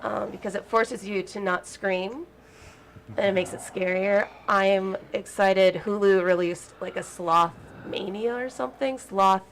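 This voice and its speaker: A woman's voice: mid-range voice, measured pace, rough recording. A young woman guest on a late-night talk show, chatting in a casual, upbeat way. Her voice sits at a medium height, with faint hiss in the background. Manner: chatty and upbeat, with lots of fillers. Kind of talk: casual chat.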